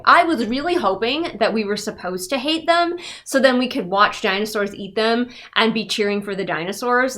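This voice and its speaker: A woman's voice: mid-range voice, a bit bright. A woman giving a casual, sarcastic and exasperated book review rant.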